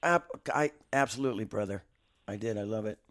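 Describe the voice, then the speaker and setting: A man's voice: lowish voice, fairly quick, fairly bright tone. A man in his sixties, a guest musician in a studio, telling stories in a rambling, self-mocking way with many restarts. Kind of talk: casual interview storytelling.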